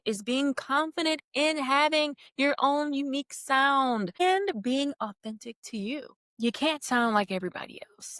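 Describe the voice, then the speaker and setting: A woman's voice: high-pitched, a bit bright, dry recording, clean studio sound. A young woman hosting her own podcast, talking in a casual, upbeat and encouraging way. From California. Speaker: podcast host. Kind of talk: casual solo podcast talk.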